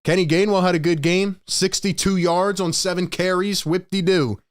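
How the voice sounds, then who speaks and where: A man's voice: sits high, fairly even intonation, moderate pace. A young man hosting a live postgame show, ranting in an exasperated, emphatic way and repeating lines for effect. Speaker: sports show host.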